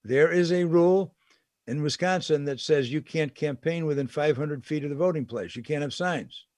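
A man's voice: fairly high pitch, moderate pace, a little mellow, no room sound. A man giving conversational political commentary, indignant and emphatic, with sarcastic asides.

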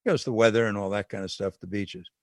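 A man's voice: on the low side, quick pace, no echo, clean studio sound. A man hosting a political call-in radio show, speaking with indignant disbelief and laughing at what he reports. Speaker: radio talk show host. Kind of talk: political talk radio monologue. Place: radio studio. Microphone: studio microphone.

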